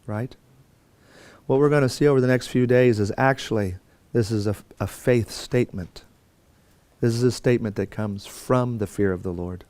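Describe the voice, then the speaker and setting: A man's voice: mid-range voice, moderate pace, darkish tone, no echo. A man teaching a Bible course in a conversational lecture style, with fillers and restarts and quotes acted out. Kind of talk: classroom lecture.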